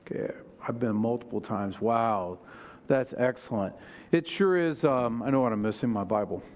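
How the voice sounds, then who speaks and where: Male pastor, relaxed chatty sermon opening, long hall reverb, dull sound. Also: mid-range voice, moderate pace.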